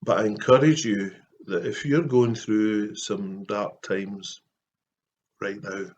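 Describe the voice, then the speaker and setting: A Scottish man with a lowish voice speaks to camera in a casual, heartfelt vlog. He talks softly and earnestly, with frequent pauses and fillers. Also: fairly even intonation, muffled recording. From Scotland. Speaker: Christian artist vlogger.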